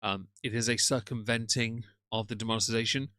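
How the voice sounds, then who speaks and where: A man's voice: on the low side, fairly even intonation, fairly quick, pushed and bright, clear, resonant tone, no room sound, clean studio sound. A man streaming live, commenting on another streamer's content in a sarcastic, lecturing tone, and tired.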